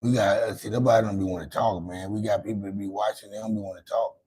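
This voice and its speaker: The voice here is lowish, mellow and husky, steady in tone and quick, captured in a rough recording. It's a man with grown children hosting a loose late-night livestream, rambling, cursing, and frequently repeating and restarting himself.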